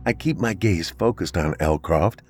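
A man narrating a horror story in a dramatic, expressive way. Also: low voice, moderate pace, slightly rough, soft background music.

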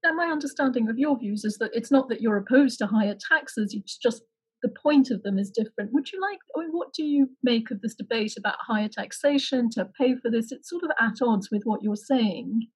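Woman host with a higher, breathy voice. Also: low-quality recording. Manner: measured, framing long questions. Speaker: interview host. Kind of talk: interview questioning.

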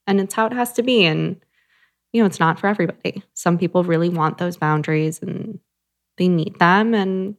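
Candid, low-voiced woman in her thirties. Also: moderate pace. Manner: candid, swears freely, fillers of "like". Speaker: podcast guest, business owner. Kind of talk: casual chat.

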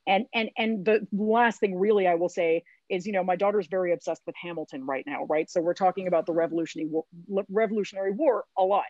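A woman's voice: fairly low pitch, fast, hardly any pauses, a little mellow, no echo. A middle-aged woman, a community organizer, talking earnestly and encouragingly as she gives phone bank training over a video call. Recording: slightly dull lo-fi sound.

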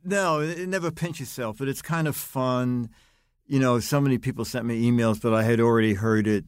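An older man, a guest in casual chat, telling lively anecdotes. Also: medium pitch, a little fast, clean tone, no room sound, studio quality. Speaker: guest, comedy writer.

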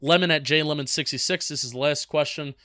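A man's voice: a little high, fairly even intonation, fast, sharp tone, dry recording, clean studio sound. Rambling young man on a fan podcast. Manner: rambling, restarts often, reads out fan questions. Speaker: sports podcast co-host. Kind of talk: casual chat.

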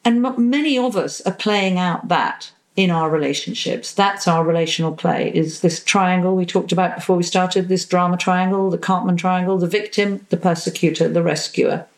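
A woman therapist talking in a podcast interview, animated, acting out quoted voices and swearing casually. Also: lowish voice, normal speed, few pauses, poor audio. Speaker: psychosexual and relationship therapist, podcast guest.

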